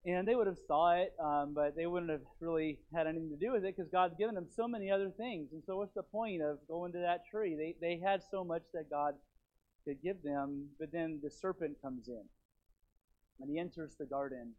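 A man preaching a sermon as pastor in his church, rambling and repeating himself with animated stops and starts. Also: fairly high pitch, moderate pace. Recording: tinny phone-like sound.

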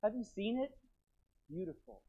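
A man's voice: high voice, sing-song, normal speed, dark tone, slightly rough, pitched above the performer's own voice, exaggerated voice. A man voicing a sly male serpent tempting with wheedling questions. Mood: coaxing. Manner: coaxing, wheedling. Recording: tinny phone-like sound.

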